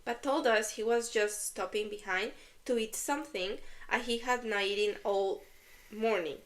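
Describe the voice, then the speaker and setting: A woman's voice: medium pitch, moderate pace. A woman co-hosting a podcast, reading an online story aloud and stopping to laugh and explain words to her partner. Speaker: podcast co-host. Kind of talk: reading and discussing online stories.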